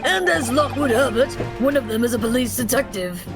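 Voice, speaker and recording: A woman reading courtroom dialogue from a game aloud in a measured, formal way. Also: on the high side, expressive, over music.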